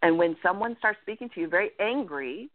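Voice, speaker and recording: A woman's voice: medium pitch, a little fast, no echo. Woman coach on a tinny phone line. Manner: earnest, animated, frequent "right?" check-ins. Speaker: life coach guest. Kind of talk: coaching advice in a podcast interview.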